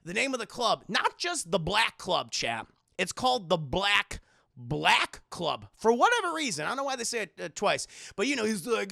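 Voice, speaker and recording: A man's voice: sits high, sing-song, a little fast, vocal fry, sharp tone, dry recording, studio quality. A young man reviewing an anime, rambling and profane, with lots of restarts as he talks to his chat. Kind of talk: casual recap addressing chat.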